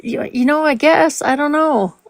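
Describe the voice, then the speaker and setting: A woman in her mid-fifties with a Minnesota accent and a gravelly edge of vocal fry, talking in a relaxed, conversational way on a live stream. Her voice sits close and dry, with no room echo around it. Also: sits high, normal speed. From Minnesota, USA. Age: 50s. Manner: conversational, laughs easily, trails off with fillers. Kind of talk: casual chat.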